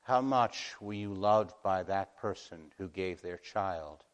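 A man preaching a sermon, moving between hushed, slow passages and loud, impassioned warnings. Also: low-pitched. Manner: dramatic, swings from hushed to impassioned. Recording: long hall reverb.

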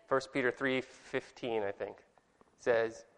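A man's voice: medium pitch, steady tone, slow pace, fairly bright tone. A man leading an informal Bible study lesson, chatty and rambling, quizzing his class and correcting himself as he goes. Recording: reverberant hall with long echo.

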